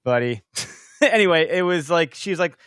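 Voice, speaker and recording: A man's voice: fairly high pitch, expressive, a little slow, a bit bright, clean tone, dry recording. A man hosting a podcast, telling stories in an easygoing, chatty way. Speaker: podcast host. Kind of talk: casual podcast conversation.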